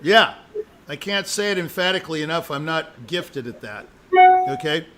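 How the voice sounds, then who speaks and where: A man's voice: fairly high pitch, animated, moderate pace, pushed and bright, soft background music. A man giving a musician live spoken feedback as an audition judge, emphatic and jokey, repeating his points.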